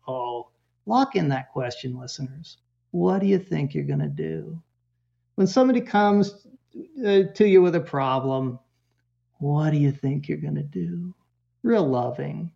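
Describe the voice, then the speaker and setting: A man telling a parenting story as a podcast guest, lively and full of fillers, acting out the people he quotes. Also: on the high side, a little slow, gravelly, dull audio. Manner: animated storyteller, acts out quotes, many fillers.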